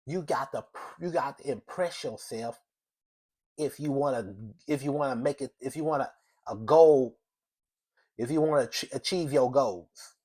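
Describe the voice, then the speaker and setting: A man's voice: medium pitch, unhurried, darkish tone, breathy edge. Male host in a one-man opinion monologue, emphatic and repetitive, keeps restarting sentences. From United States. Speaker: show host.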